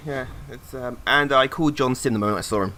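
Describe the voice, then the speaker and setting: A man's voice: mid-range voice, fast, a crowd in the background. A man co-hosting a casual chat, blunt and jokey, swearing casually. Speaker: podcast co-host.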